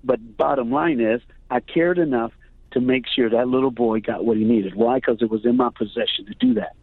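A man's voice: medium pitch, expressive, fairly quick, breathy edge, no room sound. A man who speaks at school assemblies, telling stories in an earnest, preacherly way as a guest on the phone. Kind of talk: storytelling on a phone interview. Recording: tinny phone line, dry.

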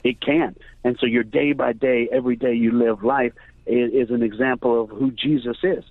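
A man who speaks at school assemblies tells stories earnestly, in a preacherly way, as a guest on a phone interview. His mid-range voice is steady at a moderate pace, heard over a tinny, dry phone line with no echo.

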